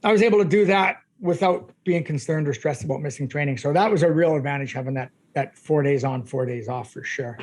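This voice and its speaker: A middle-aged man with a notably high voice. He tells long, chatty stories full of fillers and often breaks into laughter. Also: brisk, few pauses. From Canada. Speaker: guest, ultramarathon runner. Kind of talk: casual storytelling.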